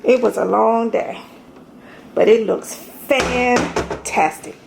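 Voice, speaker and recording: A woman from Maryland, a home organization vlogger, breathlessly shows off her kitchen in a chatty, casual home tour, calling her viewers y'all. She speaks slowly in a creaky, slightly high voice, with background noise present.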